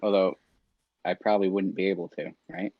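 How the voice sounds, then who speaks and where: A young man with a fairly low voice drops dry, sarcastic asides in a podcast chat. His audio sounds dull and lo-fi, with no room echo, and he keeps a calm, even delivery. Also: a little fast. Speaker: podcast co-host. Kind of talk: casual banter.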